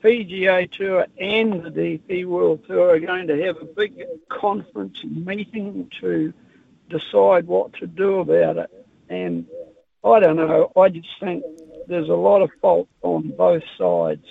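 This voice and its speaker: A man calling into a radio show, giving his opinion in a measured way. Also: sits high, expressive, creaky. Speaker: caller. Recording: phone line.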